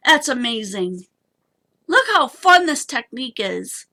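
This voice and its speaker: Bubbly high-voiced woman craft host. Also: very animated, a little slow, bright, forceful tone. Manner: chatty and bubbly, talks to viewers. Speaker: papercraft live-stream host. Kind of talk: casual craft demonstration.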